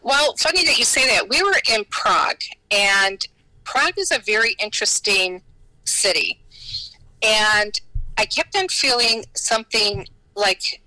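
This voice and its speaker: American woman guest rambling through her stories, bright sharp voice, lots of ums. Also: mid-range voice, lively intonation, a little slow, no echo, rough recording. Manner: chatty, rambling, many fillers and restarts. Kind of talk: casual storytelling in an interview.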